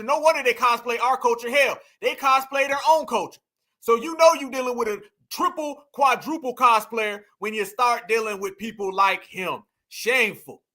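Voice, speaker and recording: A man's voice: extremely high pitch, moderate pace, bright, forceful tone. A man giving scornful reaction commentary, laughing often and repeating phrases for effect.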